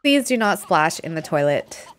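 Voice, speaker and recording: A woman's voice: deep voice, big pitch swings, normal speed. A woman giving casual live gameplay commentary, chatty and giggly, talking to the characters on her screen. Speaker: streamer.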